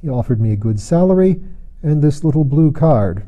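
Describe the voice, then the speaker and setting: Male audiobook narrator, measured and dry, very mellow dark timbre. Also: on the high side, animated.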